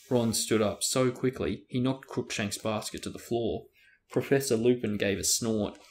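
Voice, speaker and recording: A man's voice: mid-range voice, level tone, moderate pace, creaky, darkish tone. Man narrating a novel aloud. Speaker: host reading a book aloud. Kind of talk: book reading with character voices.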